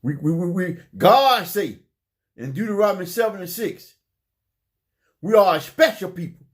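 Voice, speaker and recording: A man's voice: sits high, animated, moderate pace. A man delivering an impassioned preaching monologue, fervent, often repeating phrases and stumbling over his words. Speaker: religious speaker.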